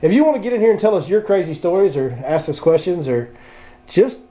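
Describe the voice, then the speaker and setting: A man hosting a casual fishing podcast, excitable and laughing a lot. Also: high voice, fairly quick. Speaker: podcast host. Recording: dull lo-fi podcast audio.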